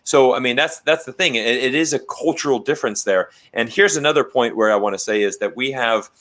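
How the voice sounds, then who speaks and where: A man's voice: mid-range voice, fairly quick, fairly bright tone. A man speaking as a livestream panel guest over a video call, talking in a casual way with many fillers and restarts. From Canada.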